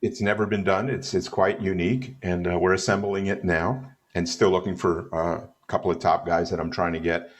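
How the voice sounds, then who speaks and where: Brief: chatty male guest with a low-pitched voice, rambling joking anecdotes. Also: flat delivery. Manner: chatty, digressive, joking, does quick put-on voices in stories. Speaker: bassist guest. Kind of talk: casual storytelling interview.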